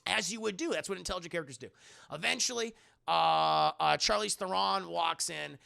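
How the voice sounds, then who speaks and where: Gravelly, bright-voiced male streamer. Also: high-pitched, brisk. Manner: rambling and profane, many fillers. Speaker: streamer film reviewer. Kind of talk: casual spoiler review to live chat.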